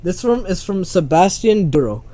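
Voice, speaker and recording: A young man hosting a casual podcast chat, animated, laughing often and stumbling over his words. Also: sits high, normal speed. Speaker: podcast host. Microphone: home microphone, uneven volume.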